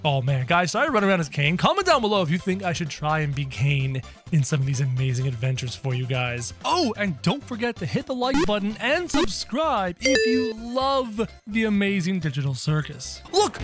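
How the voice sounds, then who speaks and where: Excitable young man narrating gameplay. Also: sits high. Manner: excitable, narrating every move to viewers. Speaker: gaming channel host. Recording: faint game music behind.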